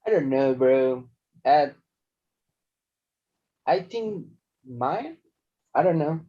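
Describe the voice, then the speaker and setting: A man's voice: on the high side, animated, extremely slow. A man answering interview questions hesitantly, searching for words and speaking casually. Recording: dull lo-fi recording.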